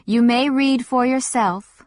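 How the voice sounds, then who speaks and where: A stern lord speaks with cold, clipped control, as a woman reader voices him. His words come slow and measured. The sound is dry and close. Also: fairly high pitch, no echo. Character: stern older male lord, mild turning coldly angry.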